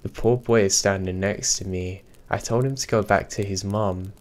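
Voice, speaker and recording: A man reading true scary stories aloud in a steady, even storytelling delivery. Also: on the low side, moderate pace. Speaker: horror story narrator. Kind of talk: scripted narration.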